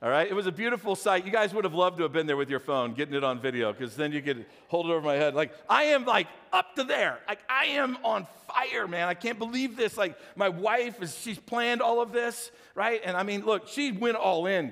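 Talking directly to the people in the pews, a middle-aged pastor animatedly recounts a funny story from his own life as part of his sermon. The setting is a church sanctuary, and his high-sitting voice is brisk with few pauses, trailing off into long reverb.

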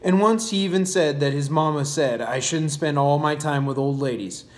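A man reading aloud, voicing an outspoken, eager young girl with a lively delivery. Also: a little high, normal speed, lightly acted. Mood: earnest. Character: spirited ten-year-old girl, outspoken.

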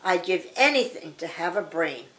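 A woman voicing a male scarecrow in a storybook reading, sighing and then shouting. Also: on the low side, lively intonation, moderate pace, poor audio. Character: scarecrow man of straw, gloomy then eager.

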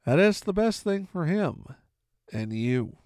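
A stern country doctor , as a man reads him aloud, speaks in firm, clipped warnings. The voice is gravelly and close, with no room sound. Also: on the high side, sing-song, slow, a little mellow, no echo, full character voice. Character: stern middle-aged male country doctor. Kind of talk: audiobook reading.

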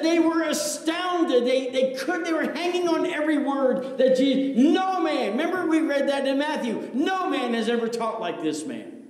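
A man preaching a sermon as pastor, dramatic, swinging from loud exclamations to hushed, intimate lines. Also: very high voice. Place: church sanctuary. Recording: echoey church sanctuary with long reverb.

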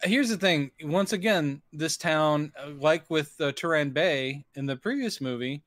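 A man's voice: a little high, a little slow, fairly bright tone, no room sound, clean studio sound. A man co-hosting a podcast, giving wry, mocking commentary on a movie with some swearing. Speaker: podcast co-host. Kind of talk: casual film discussion.

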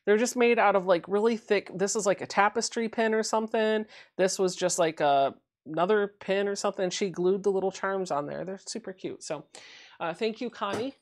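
A chatty woman hosts a live sewing stream and walks viewers through each step as she works. Her voice sits at a middle pitch and stays easygoing. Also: a little fast. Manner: chatty, explains as she goes. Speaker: livestream host. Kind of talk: casual chat while sewing.

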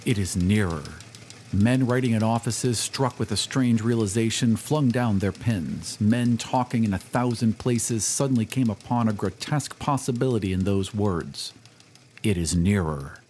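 A man giving a measured, dramatic audiobook narration of a classic story. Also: mid-range voice, darkish tone, slight background noise. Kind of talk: scripted narration. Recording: faint music bed under narration.

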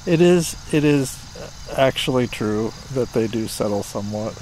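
A man's voice: mid-range voice, expressive, normal speed, darkish tone, a little hiss or hum, rough recording. A man co-hosting a casual podcast chat, joking in a dry, wry way. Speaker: podcast co-host. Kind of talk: casual conversation.

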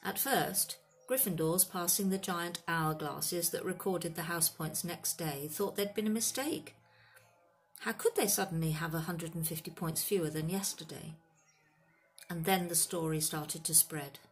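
Woman reading a storybook aloud, lowish voice. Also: measured pace, faint music behind. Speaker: audiobook reader. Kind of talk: storybook narration.

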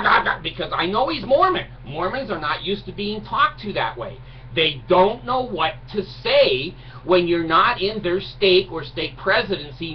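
Middle-aged vlogger, animated mocking rant, recorded far off with faint hiss. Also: male voice, high-pitched. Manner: mocking, indignant, laughs at own jokes. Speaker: video blogger. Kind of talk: ranting monologue. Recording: distant mic, dull lo-fi sound, faint noise.

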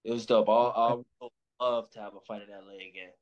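A young pro boxer from Los Angeles, USA, chats casually in an interview, laid-back and slangy. His voice is on the low side with fairly even intonation and a quick pace. The sound is muffled and lo-fi.

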